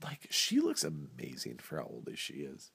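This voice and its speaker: A man's voice: a bass voice, wildly swooping pitch, moderate pace, gravelly, fairly bright tone, husky. A young man hosting a casual podcast chat, playful and laughing often. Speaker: podcast host.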